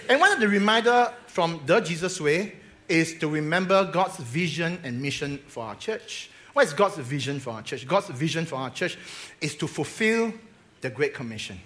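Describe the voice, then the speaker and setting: Energetic pastor preaching. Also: male voice, a little high, fairly quick. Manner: energetic, repeats words, calls on the congregation. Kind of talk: sermon. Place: church hall.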